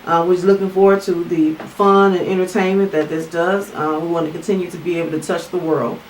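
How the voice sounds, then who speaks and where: A woman co-hosting a mukbang, chatting casually and leading a spoken grace in a relaxed, plain-spoken manner. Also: fairly low pitch, a little fast. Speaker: mukbang co-host. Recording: roomy, distant mic with faint noise.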